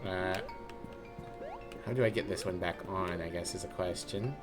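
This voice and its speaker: A man's voice: low-pitched, normal speed, loud music behind the voice. A man streaming a game, joking and chatting casually, swearing now and then.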